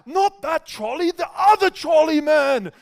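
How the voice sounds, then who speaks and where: A man's voice: very high voice, lively intonation, measured pace, pitched above the performer's own voice. A man putting on an Italian accent to voice a big, brusque Italian pizza cook. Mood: exasperated yelling. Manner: shouting in a put-on Italian accent.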